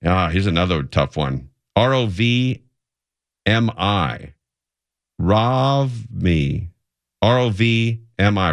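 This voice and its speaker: Radio host guy, talks real slow and deadpan, stretching out each word, dry studio mic. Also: lowish voice, no echo. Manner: deadpan, drawn-out mock pronunciations. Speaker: radio talk show host. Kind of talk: comedic talk radio bit.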